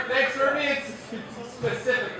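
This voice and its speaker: High-pitched man calling out from the crowd. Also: sharp tone. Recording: echoey live room, far from the mic.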